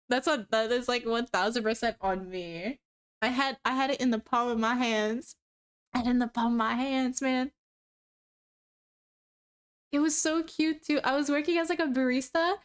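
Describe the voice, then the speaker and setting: A twenty-something woman streams live from her home room as she mends a cosplay, chatting, laughing and wandering through giggly stories full of fillers. Her slightly high voice is steady and moderately paced with long pauses, clear and resonant through a streaming setup.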